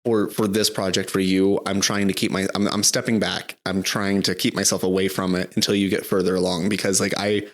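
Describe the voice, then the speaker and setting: A young man co-hosting a podcast in casual chat, halting often with restarts and fillers. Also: sits low, flat delivery. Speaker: podcast co-host.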